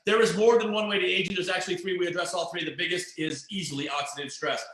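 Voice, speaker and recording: A man giving an excited, emphatic network marketing pitch on a webinar, often repeating himself. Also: fast talker, roomy sound, rough recording. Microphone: computer mic on a webinar.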